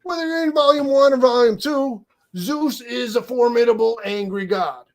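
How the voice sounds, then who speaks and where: High-voiced excitable man chatting. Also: moderate pace. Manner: excitable, rambling, stammering restarts. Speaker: co-host. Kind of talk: casual chat.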